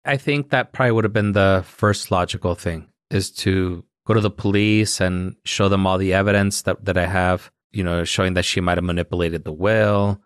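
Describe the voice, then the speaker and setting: Deep-voiced deadpan man co-host. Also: clean tone, no echo, studio quality. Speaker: podcast co-host. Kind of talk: casual true-crime chat.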